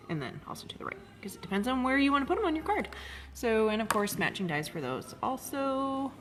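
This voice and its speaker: A chatty woman hosts a live craft-supply demo, her voice sitting a little low. She talks loosely with plenty of "um"s and stops to greet viewers by name. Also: a bit bright. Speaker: craft shop host. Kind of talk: live-streamed product demo.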